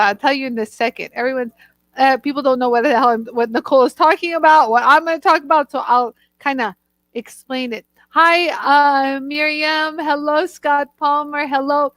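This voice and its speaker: A woman's voice: high-pitched, fairly bright tone, dry recording. A woman hosting a live-stream Q&A, bubbly and gushing, greeting viewers by name. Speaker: host and product inventor.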